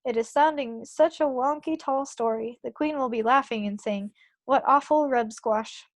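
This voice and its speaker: A woman voicing a big, gentle male giant who talks in broken grammar and made-up words while reading a children's book aloud. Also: high voice, moderate pace, no room sound, natural voice. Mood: doubting. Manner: ungrammatical speech full of made-up words.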